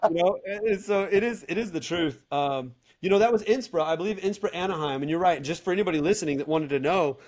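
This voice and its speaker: A man co-hosting a podcast in casual chat, animatedly recommending comedy shows. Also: sits high. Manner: animated, retells comedy bits with quick acted quotes. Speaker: podcast co-host.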